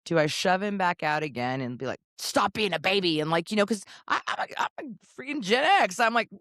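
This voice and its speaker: A woman co-hosting a podcast, telling a parenting story in an animated, casual way and acting out voices. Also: lowish voice, brisk, dry recording, clean studio sound. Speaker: podcast co-host. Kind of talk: casual chat.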